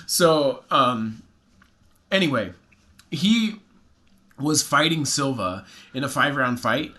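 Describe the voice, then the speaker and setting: Bright-voiced man rambling through a story. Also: mid-range voice, animated, takes it slowly. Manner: rambling storyteller, acts out quotes. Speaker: podcast co-host. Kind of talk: casual chat.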